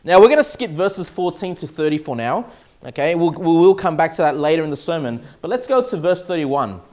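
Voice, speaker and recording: A man's voice: a little high, sing-song, brisk, a little mellow. A male pastor preaching a sermon, emphatic and often checking in with "okay?" and "all right?".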